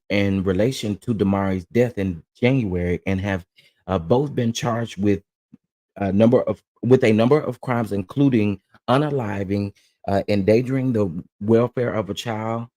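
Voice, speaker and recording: Man, somewhat low voice, live-stream commentary, reads reports with fillers, casual slang. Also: dark tone. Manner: reads reports with fillers, then rants with rising heat; uses southern Black American slang like y'all, honey, child. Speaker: commentary host.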